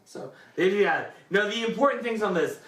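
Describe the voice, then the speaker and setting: An animated movie reviewer who rambles crudely through a plot retelling, the voice swinging up and down as it goes. The sound is roomy and picked up from a distance. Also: medium pitch, fast. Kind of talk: comedic movie review chat. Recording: roomy room, distant mic.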